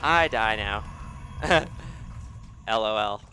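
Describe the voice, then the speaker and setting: A young man narrates his own strategy game match from home in a rambling, self-mocking way. His pitch swings widely, and his grumbling keeps breaking into shouted, cursing frustration. Music plays steadily behind him. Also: animated, extremely slow. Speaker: gameplay commentator. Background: background music.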